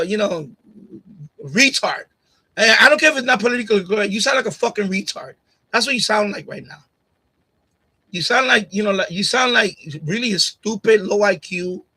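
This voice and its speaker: Bright, husky-voiced man ranting on stream. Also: high voice. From Puerto Rican family, grew up partly in Puerto Rico. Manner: heated, repetitive, confrontational. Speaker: live stream host. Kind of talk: casual live-stream rant to chat. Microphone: USB condenser mic on boom arm.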